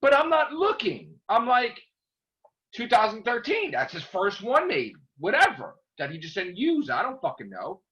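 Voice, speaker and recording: A man ranting casually to camera as a vlogger, excitable and rambling, swearing constantly. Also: sits high, moderate pace. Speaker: YouTube vlogger. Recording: dull lo-fi recording.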